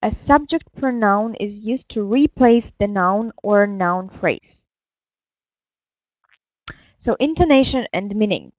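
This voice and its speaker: A woman teaching an English grammar lesson, explaining slowly and carefully with fillers and self-corrections. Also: mid-range voice, no echo, dull audio. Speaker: language teacher.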